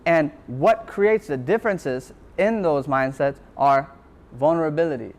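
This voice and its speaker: A man's voice: on the high side, a little slow. A man, a university lecturer, giving a motivational talk and telling his own story in an earnest, reflective way, repeating phrases for emphasis.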